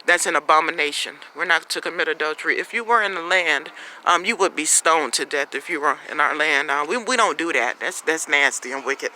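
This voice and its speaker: Blunt scolding woman preaching, bright voice. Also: low voice, a little fast, slight background noise, rough recording. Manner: blunt, scolding, repeats herself, many "um"s. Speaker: religious teacher. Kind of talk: preaching to camera.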